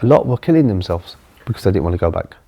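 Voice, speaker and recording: Earnest London man, low mellow voice. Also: lively intonation, quick pace, gravelly, breathy edge. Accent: London English. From England. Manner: earnest, repeats and restarts phrases. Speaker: charity chief executive. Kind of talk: storytelling in an interview.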